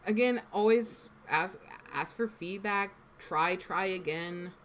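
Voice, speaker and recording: A woman's voice: medium pitch, takes it slowly, crowd noise. A woman with an American East Coast accent hosting a casual live stream, giving rambling advice full of fillers. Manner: chatty, meandering, gives advice with many fillers. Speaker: voice actor and stream host.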